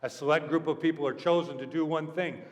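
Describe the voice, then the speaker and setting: A male pastor preaching an animated storytelling sermon, asking the congregation questions. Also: fairly high pitch, fairly quick. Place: church sanctuary. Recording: echoey church hall.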